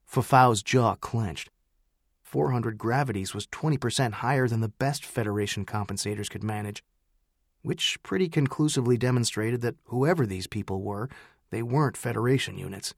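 A man reading scripted narration in a measured, even storytelling manner. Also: mid-range voice, soft background music. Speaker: audiobook narrator.

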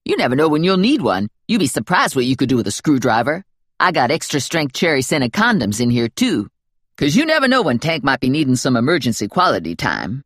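Sassy brassy woman sidekick, put on by a woman, slangy, wisecracking, lively, dry close sound. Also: a bass voice, fairly quick, slightly rough, dry recording, full character voice.

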